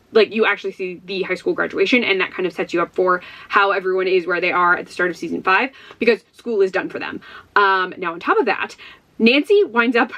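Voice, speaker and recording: A woman's voice: medium pitch, a bit bright. Bubbly, chatty woman book vlogger. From Ohio, USA. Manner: chatty and bubbly, laughs often. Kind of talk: casual chat to camera.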